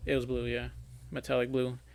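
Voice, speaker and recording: A young man in his twenties chats loosely on a podcast, swearing freely and peppering his talk with "like" and "bro". His voice sits at an everyday middle pitch. He rambles and restarts mid-thought, like a friend telling a story. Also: completely flat delivery, a little fast, gravelly, a little mellow. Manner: loose and profane, heavy on "like" and "bro". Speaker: podcast co-host. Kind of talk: casual chat among friends.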